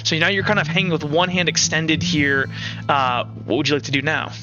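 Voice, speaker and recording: Man, game master, rambling narration, slightly high voice, dull mic, music behind. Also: brisk. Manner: rambling, lots of filler words.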